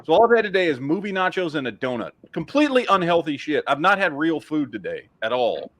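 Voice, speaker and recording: A man in his forties chatting casually with friends, excitable and full of swearing. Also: fairly high pitch, fast talker. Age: 40s. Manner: animated, profane, excitable. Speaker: podcast co-host. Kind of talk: casual chat.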